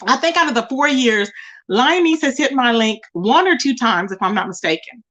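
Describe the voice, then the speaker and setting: A woman hosting a live stream gossips casually with her chat, with a high voice that swings widely in pitch. She talks in a mocking, animated way and keeps calling out to the viewers. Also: moderate pace.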